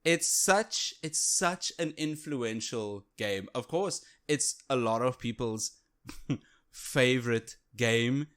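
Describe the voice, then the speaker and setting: A male podcast co-host talking casually over a remote setup. He is playful and animated, laughs often, and keeps the chat bouncing along in a mid-range voice. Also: medium pitch, takes it slowly. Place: home setup on a remote call.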